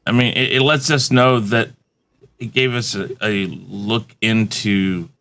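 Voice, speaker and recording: A man's voice: on the low side, steady tone, measured pace, fairly bright tone. A man on a review panel, casually chatting, explaining plot points patiently and correcting others firmly. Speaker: podcast panelist. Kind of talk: casual chat.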